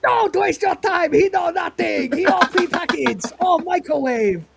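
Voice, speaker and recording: A woman voicing a brash, boastful male vending machine that loudly talks down its rivals in broken-English sales patter. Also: very high voice, animated, unhurried, creaky, noisy background, voice pushed up, full character voice. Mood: boastful hawking.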